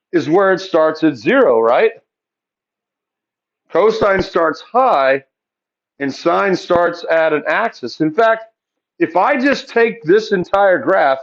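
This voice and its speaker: A man's voice: sits high, muffled recording. A male math teacher lecturing a classroom, asking the students questions and answering them himself.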